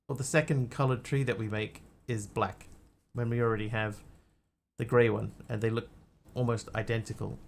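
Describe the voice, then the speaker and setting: A man's voice: medium pitch, gravelly, slight background noise. A man streaming a game, chatting casually and answering his chat as he plays. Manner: chatty, greets and answers chat while playing.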